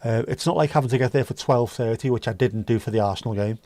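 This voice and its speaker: Quick and warm, this mid-range male voice belongs to a livestream host reading chat. He trades sweary jokes with viewers in easy, casual talk, recorded with no room sound.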